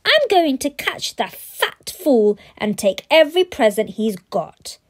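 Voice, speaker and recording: A woman's voice: sits high, huge pitch swings, slow, no room sound, voice pushed up, full character voice. A woman voicing a spoiled, greedy rich boy who howls and snarls, in a storybook read-aloud. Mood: scornful snarling. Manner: howling, snarling, shouting.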